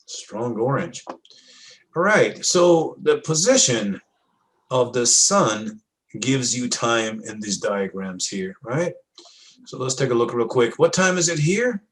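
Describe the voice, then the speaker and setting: In a low-quality recording, a medium-pitched male teacher leads a classroom lab walkthrough, going casually step by step through moon and sun diagrams and frequently checking on his students.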